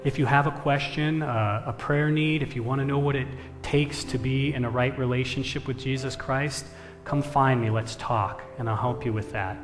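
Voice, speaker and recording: A male pastor gives an earnest, measured sermon in an ordinary mid-range voice. A long reverb from the church hall follows his words, and faint music sits under the speech. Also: mid-range voice, fairly even intonation. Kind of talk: sermon with storytelling.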